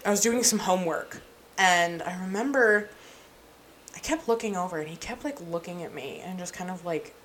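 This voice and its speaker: A woman's voice: on the low side, animated, moderate pace, fairly bright tone, slight background noise. A young woman co-hosting a podcast, telling a long story in a rambling, casual way full of "like" and "um". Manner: rambling, filler-heavy storytelling with lots of "like". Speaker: podcast co-host.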